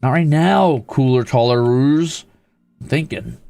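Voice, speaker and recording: A man's voice: mid-range voice, unhurried, vocal fry, darkish tone, no echo. A man streaming a building game, chatting casually with viewers in a playful, teasing, mock-boastful way. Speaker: VTuber streamer. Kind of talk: casual gaming stream chat.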